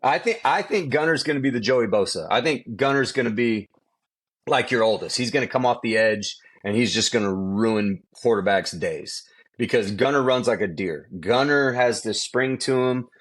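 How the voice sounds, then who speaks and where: A man's voice: mid-range voice, normal speed. A middle-aged man, a quarterback trainer, telling stories in a casual podcast chat, emphatic and repeating himself for effect. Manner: animated storytelling, emphatic, repeats phrases.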